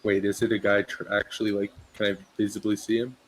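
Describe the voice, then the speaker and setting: A man's voice: fairly low pitch, little pitch movement, fast talker, husky. A man playing a tabletop game in a laid-back, casually crude way. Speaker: player.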